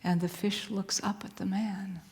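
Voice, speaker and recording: Woman telling a story real slow, hushed and whispery, long echo like a hall. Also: mid-range voice, little pitch movement. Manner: soft, hushed, often whispering, repetitive cadence. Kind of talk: slow spoken-word storytelling.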